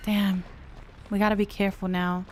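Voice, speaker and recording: A woman's voice: mid-range voice, level tone, normal speed, a little hiss or hum. A woman streaming a game live, chatting casually and answering her viewers between plays. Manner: chatty, reads chat aloud and answers viewers. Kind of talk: live gameplay commentary.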